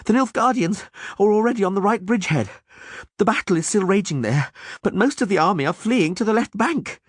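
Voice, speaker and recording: A man voicing an excitable male bard, yelling in breathless panic. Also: sits high, brisk, husky, dry recording, studio quality, voice pushed up. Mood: frantic.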